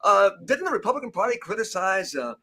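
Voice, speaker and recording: Man, panel guest, blunt, very high lively voice, quick, bright. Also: husky. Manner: blunt, indignant. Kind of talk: casual panel chat.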